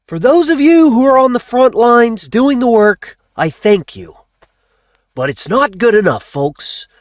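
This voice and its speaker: In a comedic impression, a man plays an exasperated anarchist speaker who scolds his audience, swears freely, and keeps repeating "okay" and "folks." His full character voice is extremely high and sing-song at an unhurried pace, on a dry recording with dull audio.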